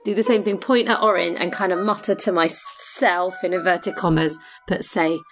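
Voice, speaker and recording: Woman player, lowish voice, chatty and playful, faint music behind. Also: steady tone, normal speed. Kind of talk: tabletop role-play chat.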